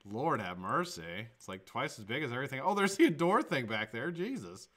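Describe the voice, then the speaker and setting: A man's voice: mid-range voice, very animated, normal speed, a bit bright. A man hosting his daily live vaping show from home, chatting casually, joking and swearing as he rambles. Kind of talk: casual live-stream chat. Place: home room with green screen.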